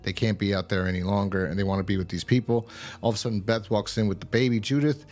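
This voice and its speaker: A man's voice: lowish voice, steady tone, fast, darkish tone. A man casually recapping a TV episode as a reviewer, rambling and slangy with lots of fillers. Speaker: TV show reviewer.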